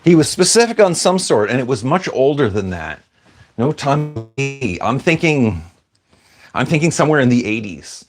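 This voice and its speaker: A man hosting a casual livestream, reading viewer comments aloud and answering them as he goes. He rambles, trails off mid-thought and pokes fun at himself. His pitch sits at an ordinary middle height. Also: sing-song, moderate pace, over music. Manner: chatty, self-deprecating, wanders off mid-sentence.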